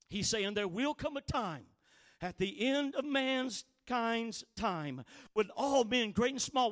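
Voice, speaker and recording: A man preaching a sermon, reading scripture slowly and building to impassioned, shouted emphasis. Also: sits high. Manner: reads scripture slowly and deliberately.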